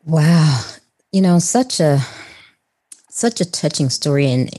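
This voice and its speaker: A woman's voice: low-pitched, expressive, slow, mellow. Woman, host, reflective, encouraging, conversational. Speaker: interview host. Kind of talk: conversational interview.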